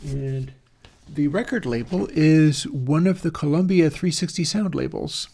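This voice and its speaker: Unhurried and a little high, this man's voice is creaky and mellow as he hosts his audio plugin channel. He rambles casually, thinking aloud with fillers and correcting himself along the way.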